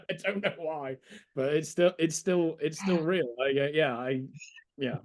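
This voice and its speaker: A British man from near Birmingham chatting casually as an interview guest, joking and halting in a laid-back way. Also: on the high side. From England, near Birmingham. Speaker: guest, dating site member.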